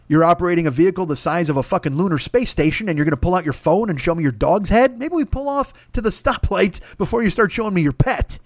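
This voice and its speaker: Brief: male podcast host, fairly high voice, rambling profane storyteller, close dry mic. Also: lively intonation, fast talker, few pauses, no room sound. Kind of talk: comedic storytelling.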